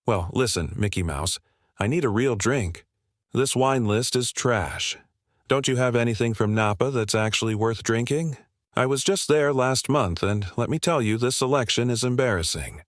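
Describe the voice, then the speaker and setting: A man's voice: mid-range voice, normal speed, no room sound, clean studio sound, close to an everyday voice. A man voicing a brash, rude diner. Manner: brash, mocking, complaining. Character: loud rude middle-aged male Texan diner.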